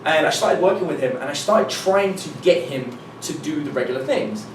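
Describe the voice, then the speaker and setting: A man giving a live seminar talk as a dating coach, telling anecdotes in an animated way, acting out dialogue and swearing casually. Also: fairly high pitch, normal speed, a little hiss or hum. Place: meeting room with an audience. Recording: echoey room from a distance, faint ambience.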